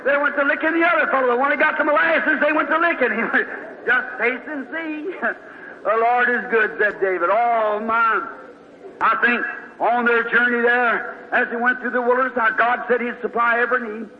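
Male preacher, very high voice, folksy and fervent, dull recording in a big echoing hall. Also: steady tone, normal speed, a little hiss or hum. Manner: folksy storytelling, fervent outbursts. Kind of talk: sermon. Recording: dull sound in a large hall.

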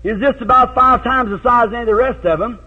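A man preaching a revival sermon in a folksy storytelling way, breaking into shouted hallelujahs. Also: extremely high pitch, quick pace, breathy edge. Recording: tinny phone-like old tape.

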